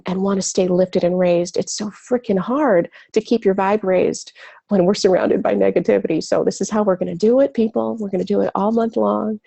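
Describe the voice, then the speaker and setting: A woman's voice: mid-range voice, vocal fry, mellow. A woman with a cold hosting a live spiritual webinar in casual, chatty talk, gushing and full of fillers, with the odd swear word. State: has a cold.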